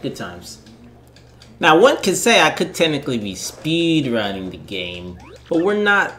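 A man's voice: on the high side, wildly swooping pitch, measured pace, fairly bright tone, a little hiss or hum. Rambling self-deprecating man playing a game. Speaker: let's play host. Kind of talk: casual gameplay commentary.

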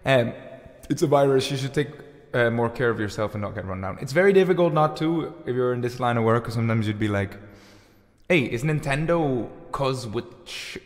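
A man's voice: medium pitch, lively intonation, quick pace, in a large hall. A man of thirty hosting a music livestream, rambling casually through viewer comments with lots of fillers. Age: 30s. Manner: rambling and chatty, full of fillers. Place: home room with lights and guitar gear.

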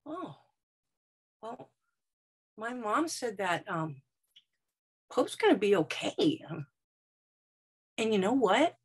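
A woman voicing a young schoolgirl who talks softly and hesitantly. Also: mid-range voice, big pitch swings, slow, pauses often, husky, exaggerated voice. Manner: soft, hesitant.

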